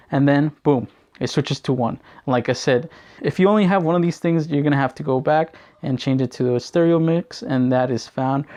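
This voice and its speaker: A man hosting a filmmaking video, giving a loose, blunt, hands-on tutorial on recording gear, with casual swearing. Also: a little high.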